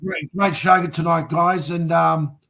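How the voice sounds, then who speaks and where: Halting man, full of ums. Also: fairly high pitch, steady tone. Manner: hesitant, many ums, teasing. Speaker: podcast co-panellist.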